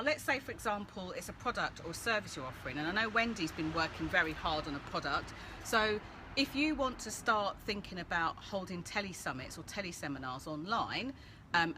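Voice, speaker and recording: A woman hosting a casual live-stream Q&A, chatty and animated, greeting viewers by name as she gives coaching tips. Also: on the low side. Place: outdoors-adjacent room with street noise. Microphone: phone or laptop live stream. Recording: faint background street noise.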